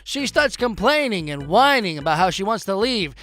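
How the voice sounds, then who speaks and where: Animated high-voiced man reading funny posts. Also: normal speed. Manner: animated, jokey, swings between deadpan and loud. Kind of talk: comedic reading.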